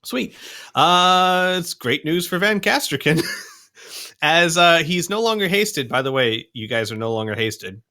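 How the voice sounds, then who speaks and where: A man runs a tabletop game, narrating turns and settling rules. His voice is bright and his pitch moves a lot, and he laughs often between calls. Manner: lively, laughs often, quick rules talk. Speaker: game master. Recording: home podcast recording.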